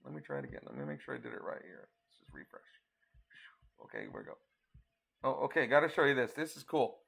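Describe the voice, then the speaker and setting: Male storm chaser from Colorado, gravelly, tired, casual live forecast talk. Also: mid-range voice, wildly swooping pitch, quick pace, a bit bright. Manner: talks through model maps, counting hours aloud. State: tired, yawning. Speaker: storm chaser giving a weather update. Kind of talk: casual live weather briefing.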